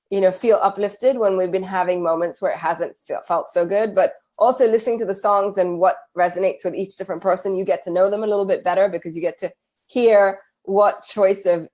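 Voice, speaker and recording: A woman's voice: medium pitch, a little mellow. A woman from England with a British accent, hosting a live Q&A stream and reading out viewer comments with enthusiasm. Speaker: host.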